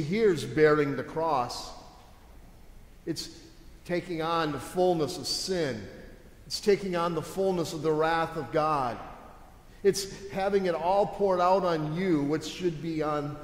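A male pastor giving a sermon in a conversational, emphatic way, asking his listeners rhetorical questions. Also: a little high. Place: church sanctuary. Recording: echoey church with long reverb.

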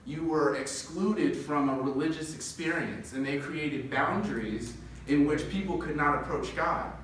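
A young man preaching a sermon, telling a parable with quick laughs and building to impassioned lists. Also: on the high side, a bit bright, a little hiss or hum. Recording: echoey room, distant mic.

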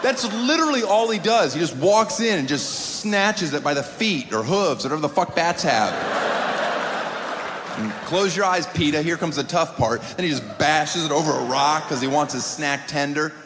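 Sarcastic stand-up comedian on a theater stage. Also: male voice, expressive, normal speed, crowd noise. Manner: sarcastic, incredulous, with sudden pitch jumps into mock voices. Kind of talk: stand-up set. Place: large theater stage before a live audience. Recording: long theater reverb, audience noise.

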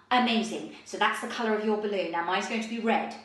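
A woman teaching a drama lesson to young children, animated and encouraging with playful counting cues. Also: mid-range voice, a little fast. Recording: echoey room from far off.

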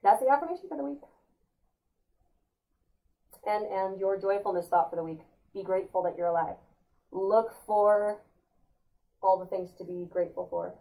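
An upbeat, playful woman from California hosts a casual weekly spiritual talk. Her voice sits at an ordinary middle pitch. She jumps into high, excited put-on exclamations. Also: poor audio. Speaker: host.

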